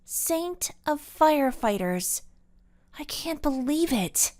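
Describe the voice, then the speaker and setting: A woman voicing an earnest young detective girl in a children's storybook. Her voice sits well above the narration and leaps up on each question. She sounds eager and pleading, swinging widely in pitch. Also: animated, slow pace, darkish tone. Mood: insistent.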